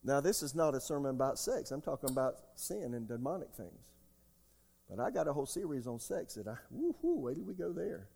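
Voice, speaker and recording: A man in his sixties preaching a sermon as pastor, emphatic, jumping between loud outbursts and quiet asides. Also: medium pitch, big pitch swings, a little fast, creaky, slightly rough. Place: church sanctuary. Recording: long hall reverb.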